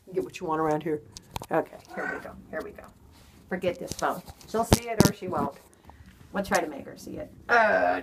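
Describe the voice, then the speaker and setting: A woman's voice: lowish voice, sing-song, normal speed, vocal fry, pauses often, a little hiss or hum. A woman playing with cats and talking to them in sing-song baby talk in a home video. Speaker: cat caretaker. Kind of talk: cooing at cats.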